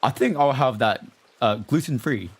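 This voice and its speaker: A man's voice: medium pitch, expressive, normal speed, husky, pitched below the performer's own voice. A man putting on a jokey impression of a casual American guy ordering food, laughing as he goes. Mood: mocking. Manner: goofy, laughing through it.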